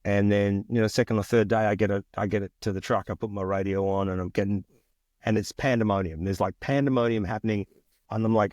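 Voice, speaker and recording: An Australian man in his forties telling stories from his career in a lively, chatty way, acting out the people he quotes. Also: on the low side, brisk, no room sound, studio quality. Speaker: guest. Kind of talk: casual storytelling interview.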